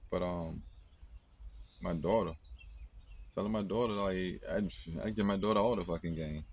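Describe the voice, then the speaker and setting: A man's voice: low-pitched, slight background noise. A man in his thirties, hosting a podcast, talking casually and rambling bluntly with plenty of swearing. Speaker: podcast host. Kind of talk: casual monologue.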